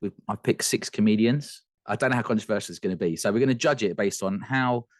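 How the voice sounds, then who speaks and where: Chatty man, low dry voice. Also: fast talker, no echo. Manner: chatty, laughs often, frequent restarts. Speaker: podcast co-host. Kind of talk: casual whisky chat.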